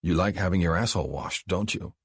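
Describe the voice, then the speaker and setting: A man voicing a controlling former soldier in an audiobook, speaking low and slow, often dropping to a hush. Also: animated, husky, no room sound, clean studio sound, full character voice. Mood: commanding.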